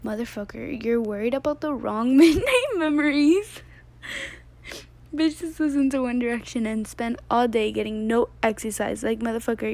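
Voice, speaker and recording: A woman's voice: sits high, expressive, moderate pace, darkish tone, no room sound. A young woman reading fan tweets aloud in a casual way, often breaking into laughter. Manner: giggly, keeps breaking into laughter.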